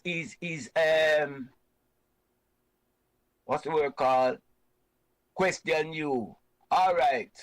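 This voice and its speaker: A Jamaican man hosts an online reasoning show and speaks with fiery conviction. He drives his points home by repeating them in a preaching way. His speaking voice is high for a man. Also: a bit bright, low-quality recording. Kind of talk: impassioned reasoning talk.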